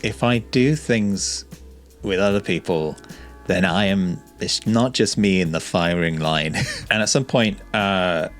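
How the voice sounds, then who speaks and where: A calm, shy man vlogging to camera, talking in a relaxed monotone with frequent stutters and restarts. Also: low-pitched, slow pace, faint music behind. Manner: calm, relaxed, soft-spoken. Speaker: YouTuber. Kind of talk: reflective talking-to-camera vlog.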